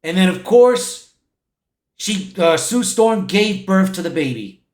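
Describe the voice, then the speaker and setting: A man's voice: high-pitched, sing-song, slow pace. A man casually recapping a film plot in a rambling way, with frequent restarts. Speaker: movie reviewer. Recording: echoey room.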